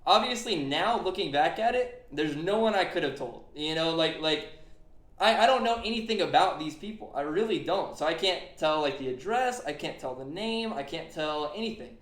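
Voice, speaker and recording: A man's voice: on the high side, expressive, moderate pace, a bit bright. A young man hosting a casual podcast, earnestly retelling a conversation with lots of fillers. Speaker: streamer and podcast host. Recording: echoey room.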